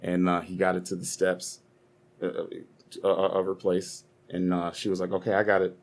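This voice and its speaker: A man's voice: sits low, monotone, moderate pace, gravelly, a little hiss or hum. A young man co-hosting a casual podcast, rambling and swearing as he argues and tells stories. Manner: profane, rambling, heated storytelling. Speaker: podcast co-host.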